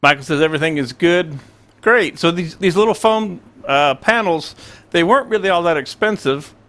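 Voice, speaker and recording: A man's voice: fairly high pitch, expressive, moderate pace, fairly bright tone. A man in his sixties hosting a casual livestream from a small home studio, rambling through a story and acting out both sides of the dialogue. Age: 60s. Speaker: livestream host.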